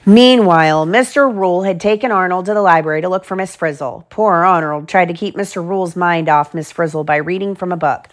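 A mother reading a children's picture book aloud at home, slow and clear, with little side remarks to her kids. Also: on the low side.

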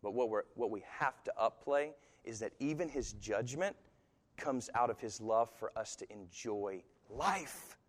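A male pastor preaching an animated sermon that swings from soft to loud, with voices acted into the quotes. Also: lowish voice, measured pace. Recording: long hall reverb.

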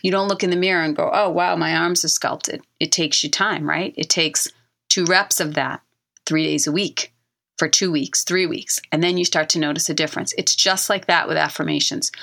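A middle-aged woman talks straight to her listeners in a self-help podcast monologue. Her voice sits a little low, and her delivery is earnest and coaching as she repeats phrases to drive each point home. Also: steady tone, normal speed, creaky, fairly bright tone. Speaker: podcast host and author.

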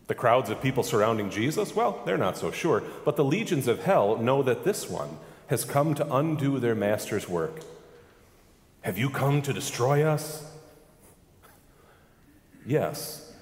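A man's voice: medium pitch, very animated, moderate pace. Pastor, male, emphatic sermon delivery, roomy sanctuary sound. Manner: emphatic preaching with rhetorical questions.

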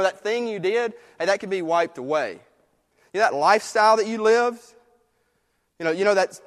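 A man preaching a sermon in a conversational way, moving between quiet, hushed passages and emphatic ones. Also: high-pitched. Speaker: pastor. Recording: long reverb of a church hall.

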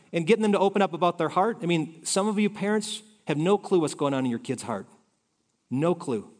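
A male pastor preaching a conversational sermon, shifting between loud emphasis and soft asides. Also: on the high side. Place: church sanctuary. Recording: reverberant hall.

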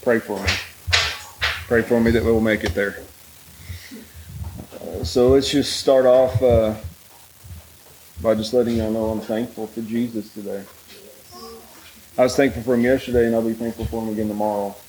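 A man leading a bible study, praying and reading scripture aloud in a relaxed, halting way with many fillers. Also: on the low side, slight background noise, rough recording. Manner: reads scripture aloud in a raised voice.

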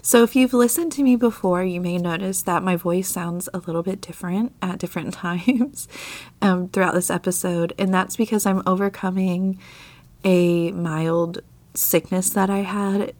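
This devotional Bible talk comes from a woman hosting a podcast, her voice on the low side and steady at a moderate pace, with no room sound. Still recovering from a mild illness, she sounds a bit scratchy. She speaks earnestly and confessionally, laughing softly at times.

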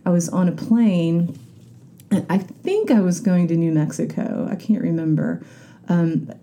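A woman with a very dark, mellow tone and a fairly low voice talks through her thoughts in a loose, reflective monologue. She restarts sentences often and slips into little acted-out voices when she quotes people. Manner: candid, rambling, acts out quoted voices, frequent restarts.

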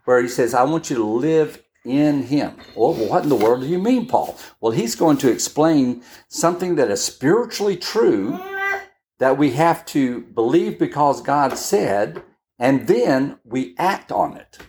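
A woman with a very deep voice teaches scripture in an easygoing, conversational way, pausing and restarting as she explains. She keeps checking that her listeners follow along. Dishes clatter and clicks sound clearly behind her. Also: sing-song, warm tone, slight background noise. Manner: checks in often with "all right?"; unhurried, with pauses and restarts. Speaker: Bible teacher. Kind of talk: conversational Bible-study sermon.

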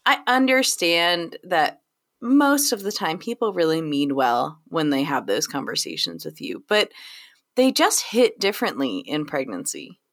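A woman from New York co-hosts a podcast, reassuring and animated as she talks, often breaking into laughter. Her voice sits a little low. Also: a little slow. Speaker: co-host, midwife. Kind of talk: casual podcast chat.

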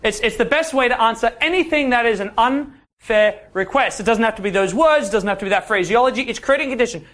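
A man's voice: extremely high pitch, lively intonation, quick pace, few pauses, a bit bright. A man teaching a dating workshop, talking straight to the room and often checking in with "yeah?". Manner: direct, asks the room questions, ends points with "yeah?". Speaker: dating coach. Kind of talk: workshop talk to a class.

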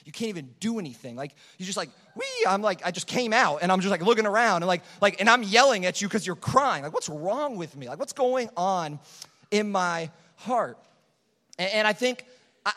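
A man's voice: sits high, fairly bright tone. A young man preaching a casual storytelling sermon, rambling and conversational with many fillers and restarts. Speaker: pastor. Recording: long hall reverb.

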